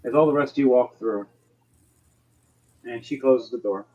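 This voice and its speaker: A man's voice: mid-range voice, moderate pace, dark tone. A man narrating as game master in a tabletop game, rambling and hesitant, with lo-fi stream audio. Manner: rambling, hesitant, lots of fillers and restarts.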